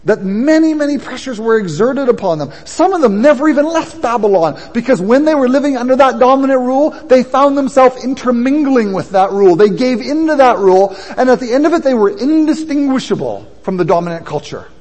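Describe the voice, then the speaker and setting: A man with a fairly high, slightly husky voice delivers a sermon. His talk is casual and conversational, then grows emphatic and insistent. The sound carries a long reverb, as if heard in a large church hall. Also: lively intonation, fairly quick, hardly any pauses, a little mellow. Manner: conversational preaching, rising in intensity. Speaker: pastor.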